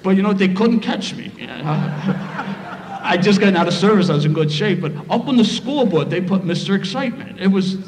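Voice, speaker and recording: A middle-aged man with a Philadelphia accent, telling a lively, humorous story of his past at a recovery meeting. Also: high voice, normal speed. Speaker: speaker sharing his story. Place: meeting hall. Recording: roomy hall, faint noise.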